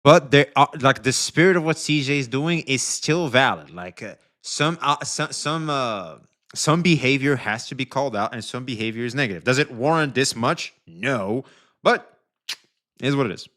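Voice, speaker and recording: A man chatting casually as he reacts to clips, laid-back and reassuring. His voice is bright with animated pitch. His delivery stays loose and conversational. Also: moderate pace.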